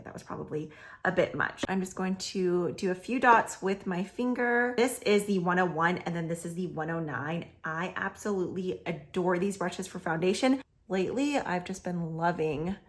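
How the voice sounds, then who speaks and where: Chatty woman beauty vlogger, slightly hoarse. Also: on the low side, a bit bright. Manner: chatty, with frequent "like" fillers. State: slightly losing her voice. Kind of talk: casual makeup tutorial chat.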